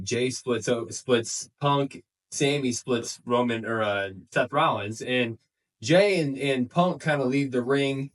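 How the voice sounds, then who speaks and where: A man co-hosting a casual podcast, retelling events in an animated way and acting out the quotes. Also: medium pitch, far from the mic. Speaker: wrestling podcast co-host.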